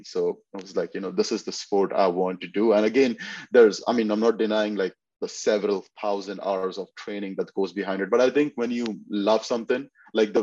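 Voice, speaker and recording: A bodybuilder appears as a podcast guest, chatting casually and telling long stories full of restarts and fillers. His voice is fairly low and a little mellow. The audio is lo-fi, with no room sound.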